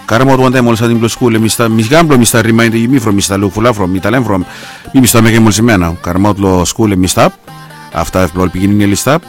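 Man, radio host, rambling casual talk, faint music behind. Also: quick pace. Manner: rambling, animated, pitch jumps up on quoted lines. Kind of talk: casual radio talk with listener shout-outs.

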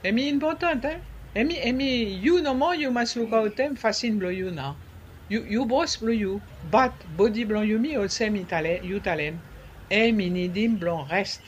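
Ni-Vanuatu nurse, relaxed advice, code-switching to French, average pitch. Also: moderate pace, muffled recording, slight background noise. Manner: mixes in French words. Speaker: nurse, health guest. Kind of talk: casual health advice talk.

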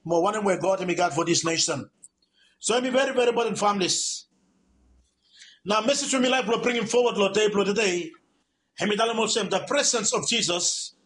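A man's voice: high voice, fairly bright tone, a little hiss or hum. A man from Vanuatu with a Vanuatu accent preaching a radio sermon, emphatic and repetitive, stacking up his phrases.

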